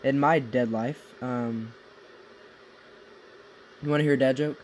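A young American man co-hosts a casual podcast late at night from a home basement, rambling, tired and goofy, and laughing at his own jokes. His voice is medium-pitched and darkish, with a steady tone and slow pace. The audio is poor, with a little hiss or hum.

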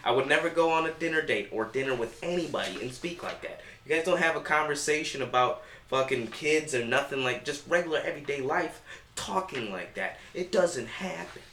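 A man trades blunt, profane opinions in a loose podcast chat. His voice is bright and forceful. The room is roomy, with a faint noise bed underneath. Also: a little high, expressive, a little fast. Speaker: podcast co-host.

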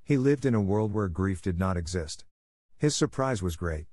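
A man reading a classic children's story aloud as narrator, in a measured, even storytelling manner. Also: lowish voice, dry recording, studio quality. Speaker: audiobook narrator. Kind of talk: storybook reading for English listening practice.

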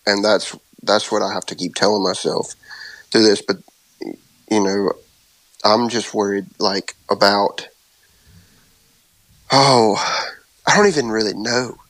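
A man in his thirties in a casual faith chat, speaking haltingly and openly about his worries, anxious. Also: lowish voice, a bit bright, no room sound, low-quality recording. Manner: halting, open about worry. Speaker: co-host.

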